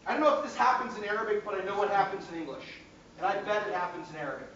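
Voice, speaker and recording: A man's voice: high-pitched, lively intonation, very fast, a bit bright. Man, teacher, classroom lecture, keeps checking in with students, distant, faint room hum. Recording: echoey classroom taped from afar, dull.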